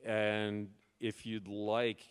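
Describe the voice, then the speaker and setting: A man's voice: fairly low pitch, monotone, clear, resonant tone. A man hosting a convention panel as director, talking casually with frequent fillers and restarts. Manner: halting, full of filler words and restarts.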